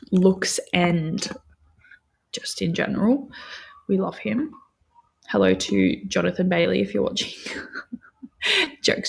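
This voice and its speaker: Young woman, livestream host; gravelly, rough-edged voice, easygoing chatter with viewers. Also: lowish voice. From Australia. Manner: chatty, rambling, answers viewer chat, many fillers. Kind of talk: casual livestream chat.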